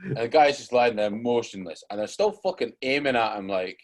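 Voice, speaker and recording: A man co-hosting a casual podcast, animated and sweary, with plenty of "like". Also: medium pitch, fairly quick. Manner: animated, sweary, says "like" often. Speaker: podcast co-host. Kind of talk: casual banter.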